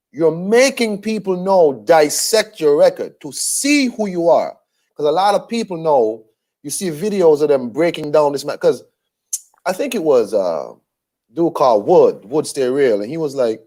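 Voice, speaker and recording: A man co-hosting a casual boxing chat, animated and incredulous, repeating himself when he gets heated. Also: on the high side. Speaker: boxing podcast co-host.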